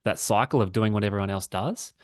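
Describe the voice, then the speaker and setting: A man's voice: lowish voice, fast talker, dry recording, studio quality. A man chatting casually and reflectively on a podcast, swearing freely. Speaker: podcast co-host. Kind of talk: casual chat.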